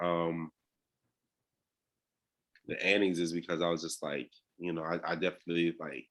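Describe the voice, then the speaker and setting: A man talks over a video call in a relaxed, slangy way, circling back on himself with fillers and restarts. His voice sits low, with a bright, forward edge. It is easygoing, everyday chat. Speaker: coaching client.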